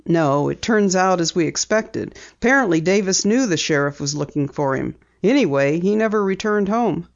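A woman's voice: lowish voice, animated, normal speed, gravelly. A woman reading an audiobook, voicing a genial, teasing middle-aged father. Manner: amused, teasing. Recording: dull lo-fi audiobook recording.

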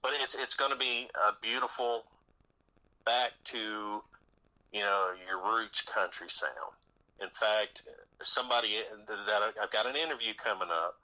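A man guesting on a radio show, talking easily about his music in a low voice with a very bright, forceful edge. He stumbles and repeats words and laughs readily. The sound has a radio broadcast quality. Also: measured pace, rough recording. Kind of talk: radio interview chat.

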